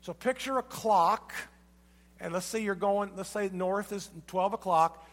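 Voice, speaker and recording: A pastor delivering a sermon, retelling a story with emphatic repetition. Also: male voice, high-pitched, unhurried, in a large hall.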